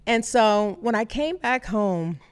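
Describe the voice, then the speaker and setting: A woman's voice: fairly high pitch, expressive, slow. A woman radio host, a guest on a podcast, telling her faith story in a candid, chatty way and laughing at herself. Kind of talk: casual conversational storytelling.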